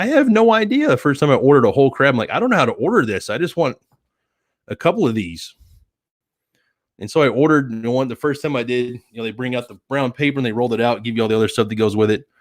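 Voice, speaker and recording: A man chats loosely through a live stream, reading viewer comments and wandering from story to story with plenty of "uh" and "you know." His voice sits at an ordinary pitch and sounds close and dry, with no room echo. He teases in a playful way. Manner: rambling, playful teasing, frequent fillers.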